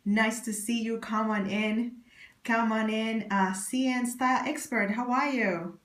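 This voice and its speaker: A woman's voice: on the high side, steady tone, measured pace, fairly bright tone. A woman hosting a casual livestream as a fashion stylist and confidence coach, chatty and bubbly, thanking viewers by name. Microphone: external mic on phone stream.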